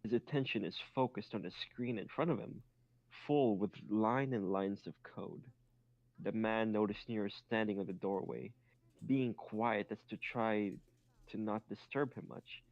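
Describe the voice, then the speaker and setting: A man's voice: fairly low pitch, a little slow, a little mellow, no echo, highs cut off. Man reading fan fiction aloud. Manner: joking asides, stumbles on awkward grammar. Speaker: reader.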